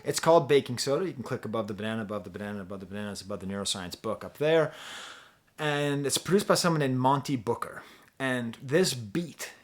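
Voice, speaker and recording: A man's voice: medium pitch, lively intonation, fast talker. A man talking casually as a music reviewer, rambling and chatty, with frequent restarts and easy laughter. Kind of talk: casual album review talk.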